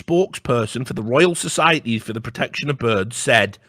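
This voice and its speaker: A man co-hosting a casual comedy chat, telling rambling, profane stories and breaking into sudden high-pitched outbursts. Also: animated, normal speed, a bit bright, dry recording, studio quality. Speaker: podcast co-host.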